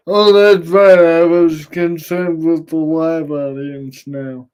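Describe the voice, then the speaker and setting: High-voiced man hosting a playful livestream. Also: level tone, slow, hardly any pauses, a little mellow, clean tone. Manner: playful, teasing, sing-song. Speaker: host of a Bible reading livestream. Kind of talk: casual livestream chat with viewers.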